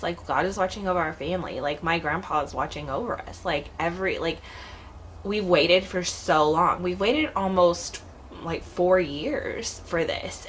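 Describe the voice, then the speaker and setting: A woman in her thirties, a vlogger, talks to her viewers on camera in a chatty, rambling, heartfelt way. Her voice is on the low side with a fairly bright tone, and a little hiss or hum can be heard.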